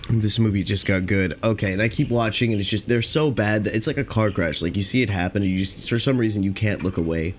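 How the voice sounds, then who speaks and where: A man's voice: fairly low pitch, fast talker, hardly any pauses, slight background noise. Rambling, profane young man. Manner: rambling, filler-heavy, profane. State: high on cannabis. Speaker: podcast host. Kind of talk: rambling casual monologue.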